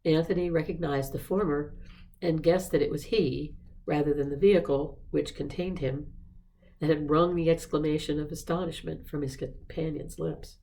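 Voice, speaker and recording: A woman reading a novel aloud in a measured narrating voice. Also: sits low, fairly even intonation, mellow, slight background noise, rough recording. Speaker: staff member reading aloud. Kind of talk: audiobook-style story reading.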